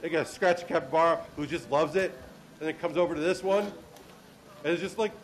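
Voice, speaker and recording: A man hosting a live comedy panel on a convention stage, animated and laughing at his own jokes. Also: a little high, fast, slight background noise. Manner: animated, laughing, self-deprecating. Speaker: host. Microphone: handheld or stand mic.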